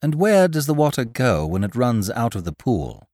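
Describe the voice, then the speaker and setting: A man voicing a calm, confident gentleman of about forty who investigates a mystery. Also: medium pitch, moderate pace, no room sound, clean studio sound, natural voice. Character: calm, amused gentleman detective around forty.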